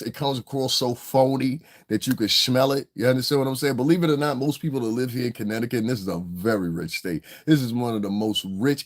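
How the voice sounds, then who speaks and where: A man giving confrontational livestream commentary, blunt and profane, who keeps asking the listener if they understand. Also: mid-range voice. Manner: blunt, profane, repeats his questions to the listener. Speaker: online streamer and rapper.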